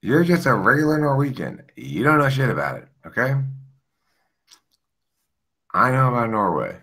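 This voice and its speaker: A man chatting casually with friends, his pitch swinging widely as he jokes. He talks in a sarcastic, mock-expert way, playing the know-it-all. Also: big pitch swings, moderate pace, bright, forceful tone. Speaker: group chat participant. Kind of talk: casual joking chat.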